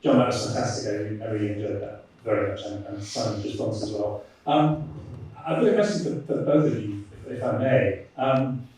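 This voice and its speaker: Fast-talking man asking from an echoey hall. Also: lowish voice, darkish tone, a little hiss or hum. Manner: polite, hesitant, repeats words. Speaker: audience member asking a question. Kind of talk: audience question. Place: lecture hall. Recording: echoey hall, distant mic.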